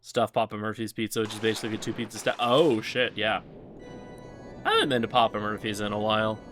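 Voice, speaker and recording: A man's voice: lowish voice, fast, faint music behind. Rambling man streaming a speedrun. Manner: rambling, relaxed, lots of fillers. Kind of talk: casual live-stream commentary.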